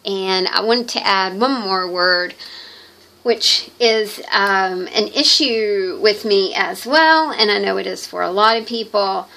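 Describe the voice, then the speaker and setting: A middle-aged woman chatting casually while crafting, rambling and hesitant with lots of pauses. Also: mid-range voice, vocal fry, sharp tone, rough recording. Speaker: craft vlogger.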